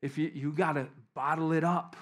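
A man preaching a sermon, telling a personal story in a casual, conversational way, dropping to soft asides and rising to emphatic bursts. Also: fairly high pitch, steady tone, normal speed. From western New York. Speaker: pastor.

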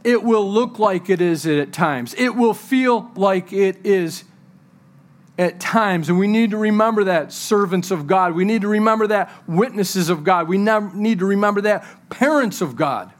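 A man's voice: sits high, moderate pace. A pastor preaching a sermon to his church, quoting scripture and repeating key words for emphasis, with joking asides to the congregation.

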